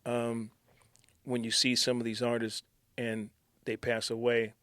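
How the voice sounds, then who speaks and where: A middle-aged radio man spins an anecdote in a lively, conversational way. He plays out what people said and lets his voice fall to a hush for effect. The sound is close and dry, with a medium-pitched voice. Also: unhurried, clean tone, no echo. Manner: animated storyteller, acts out quotes, drops to near-whisper. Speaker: radio DJ recalling station stories. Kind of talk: casual storytelling chat.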